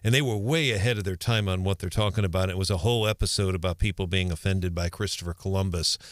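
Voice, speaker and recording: A man's voice: sits low, fast, no room sound, clean studio sound. A man chatting casually as a radio co-host. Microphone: studio microphone.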